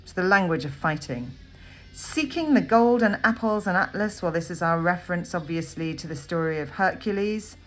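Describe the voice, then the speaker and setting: A woman with a fairly low voice talks through a poem like a teacher in a recorded lesson. She fills pauses with ums and pauses to jot notes as she explains. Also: lively intonation, faint music behind. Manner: thinks aloud, frequent ums, annotates while talking. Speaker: literature teacher. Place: at a desk writing notes.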